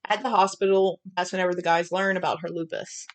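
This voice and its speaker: A woman's voice: fairly low pitch, fairly even intonation, fairly quick. Southern lady on a book podcast, blunt and swearing, laughs a lot. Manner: frank, profane, summarizing plot with giggles. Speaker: podcast co-host. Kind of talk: casual book review chat.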